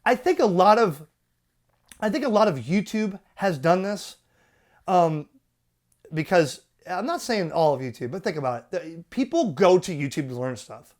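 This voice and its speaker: Animated, exasperated ham radio host. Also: male voice, high-pitched, normal speed. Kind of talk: ranting commentary.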